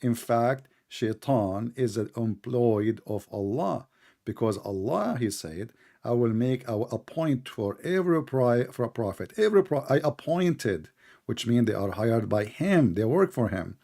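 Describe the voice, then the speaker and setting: A man hosting a live online debate. He speaks slowly and deliberately in non-native English, and he mocks and interrupts his opponent. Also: mid-range voice, animated, gravelly, dark tone. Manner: combative, mocking, keeps interrupting; slow, deliberate speech with non-native grammar. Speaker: debate host.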